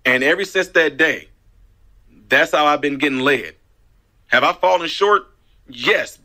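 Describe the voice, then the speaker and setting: A man, a minister hosting a talk radio show, telling his story in a casual, animated way with emphatic repeats. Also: mid-range voice. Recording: radio broadcast.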